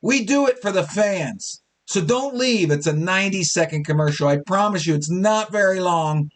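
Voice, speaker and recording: A lively man rants through his sports talk show with a high, bouncing voice. He jokes his way along, a little tipsy and loose, and his pitch leaps all over when he gets going. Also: moderate pace. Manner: animated, joking, mimics fans in quotes. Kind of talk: casual sports talk monologue.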